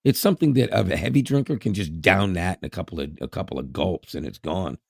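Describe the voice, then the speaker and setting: Gravelly middle-aged man chatting. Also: low-pitched, expressive, fairly quick, dry recording, clean studio sound. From Canada. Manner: chatty, laughs often, repeats words. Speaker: podcast co-host. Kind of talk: casual chat.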